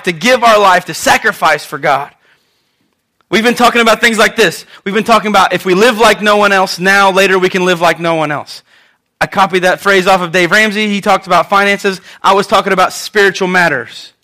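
A man in his thirties, a pastor giving a conversational Mother's Day sermon, animated and prone to repeating himself. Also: high-pitched.

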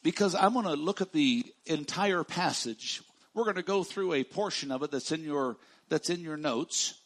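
A man preaching a sermon as pastor, stressing words by repeating them and swinging from loud declarations to hushed, slow lines. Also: on the high side, expressive.

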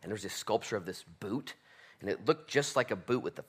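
A man's voice: on the low side, animated, brisk, slightly rough. A man in his thirties preaching a sermon, conversational and self-deprecating, driving points home by repeating them. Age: 30s. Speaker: pastor.

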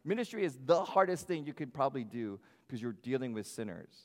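Male pastor, lively sermon delivery, mid-pitched voice, long hall reverb. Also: fast, hardly any pauses. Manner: animated, varies loudness, acts out quoted voices. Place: church sanctuary.

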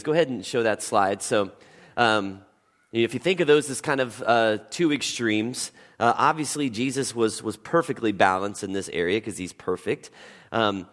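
A man preaching a sermon as pastor, his voice husky from a cold, talking in a relaxed, conversational way and checking in with the congregation. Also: mid-range voice, long reverb tail. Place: church sanctuary.

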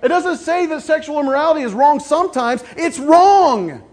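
A male pastor preaching a sermon, with casual stories and sudden loud, emphatic outbursts. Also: very high voice, expressive, moderate pace.

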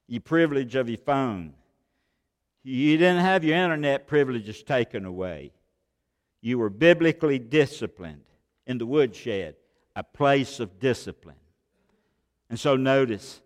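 A man preaching a sermon as pastor, swinging between loud exhortation and hushed asides with many rhetorical questions. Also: medium pitch, animated, measured pace, long pauses. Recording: long hall reverb of a large sanctuary.

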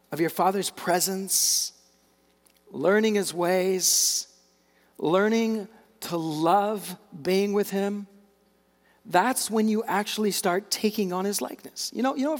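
Middle-aged male pastor, high voice, chatty animated sermon, long church-hall reverb. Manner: conversational, animated preaching with asides and repeated words.

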